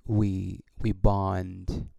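Gravelly, low-voiced man rambling casually. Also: level tone, very slow, warm tone, no echo, dull audio. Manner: rambling, swears often, many restarts. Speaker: podcast host and comedian.

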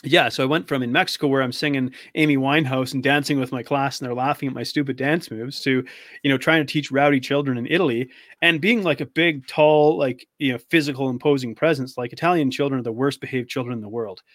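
A man's voice: medium pitch, fairly even intonation, quick pace, fairly bright tone, no room sound, studio quality. A man from Canada telling stories in casual chat as a guest, full of fillers and easy laughs.

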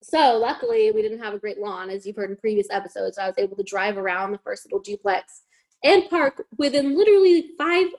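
A young woman hosting a podcast, telling a long story in casual chat, animated, swearing, and saying "like" constantly. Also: mid-range voice, a little fast. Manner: animated, swearing, heavy use of "like". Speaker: podcast host.

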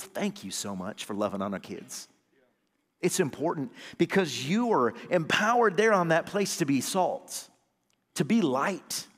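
A man, an associate pastor, preaching a sermon with call-and-response amens, swinging between loud emphatic lines and low hushed ones. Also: long reverb tail.

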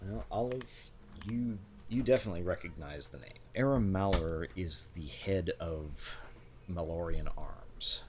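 A man narrating as game master of a tabletop game, relaxed and descriptive. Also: low-pitched, unhurried, a little hiss or hum.

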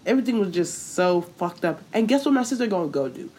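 A young woman co-hosting a casual chat, telling a story in lively slang with lots of swearing. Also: medium pitch, quick pace, a little hiss or hum.

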